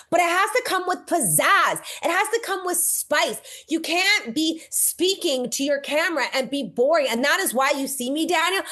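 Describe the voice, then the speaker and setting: A woman's voice: high voice, fairly bright tone. A woman guest on a podcast, talking about social media with an intense, emphatic, punchy delivery. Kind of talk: casual podcast conversation.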